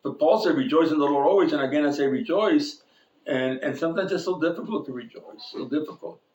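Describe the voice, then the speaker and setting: In an echoey church sanctuary, a pastor with a slightly high, slightly mellow voice preaches a little fast. His sermon is full of funny personal anecdotes, and he jokes and chuckles at his own stories.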